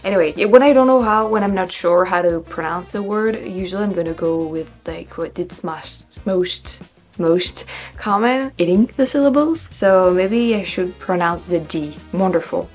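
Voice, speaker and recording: A woman's voice: lowish voice, moderate pace, a little mellow, soft background music. French-accented young woman, chatty and laughing. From France. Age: young adult. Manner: laughs often, repeats words to test their pronunciation. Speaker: vlogger. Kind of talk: casual chat to camera.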